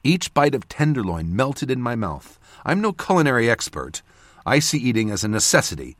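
A man narrating a fantasy audiobook in the first person with expressive storytelling. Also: medium pitch, moderate pace, dry recording.

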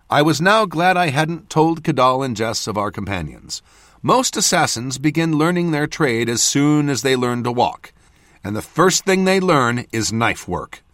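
Expressive man narrating an audiobook. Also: medium pitch, dry recording, clean studio sound. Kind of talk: scripted first-person narration.

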